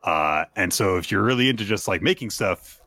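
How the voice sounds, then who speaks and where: A man's voice: low voice, brisk. A man co-hosting a podcast, casually recapping manga chapters and acting out characters' lines as he goes. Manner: animated retelling, voices characters' lines. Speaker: podcast co-host.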